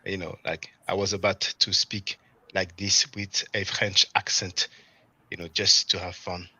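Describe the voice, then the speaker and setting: Stream host, male, low-ish and bright, reads comments with a chuckle. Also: level tone, a little slow, breathy edge, no echo. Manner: reads viewer comments aloud, chuckles often. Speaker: channel host. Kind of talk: casual live stream chat.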